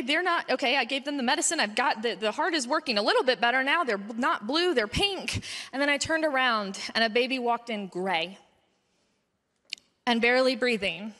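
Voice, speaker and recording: A woman's voice: fairly high pitch, sharp tone. A woman pediatrician in her thirties giving an earnest personal testimony at a mission conference, her voice rising as the story grows emotional. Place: large conference hall. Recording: long hall reverb.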